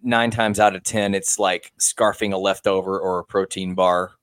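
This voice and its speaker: A man's voice: low voice, steady tone, moderate pace, fairly bright tone, clear, resonant tone, no echo, studio quality. A man co-hosting a casual podcast from home, rambling in a wry, joking way. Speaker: podcast co-host. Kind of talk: casual chat.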